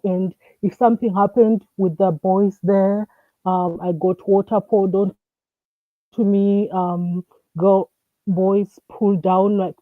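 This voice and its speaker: A woman's voice: medium pitch, no room sound. A woman from Africa calling in and talking casually, hesitant, with many fillers and restarts. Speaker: caller. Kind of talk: casual call-in talk. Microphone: phone or call line. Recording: tinny phone line, dry.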